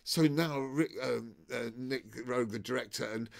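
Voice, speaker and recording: A man's voice: medium pitch, normal speed, vocal fry. A man, a magician, telling a rambling film-set anecdote with many restarts. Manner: rambling, with frequent restarts and acted-out quotes.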